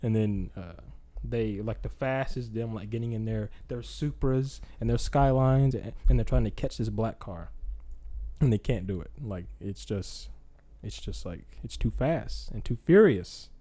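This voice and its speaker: A man's voice: lowish voice, measured pace, dark tone. A young man hosting a podcast, telling a movie idea in a rambling, casual way with lots of fillers and acted-out lines. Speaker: podcast host. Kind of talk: casual chat.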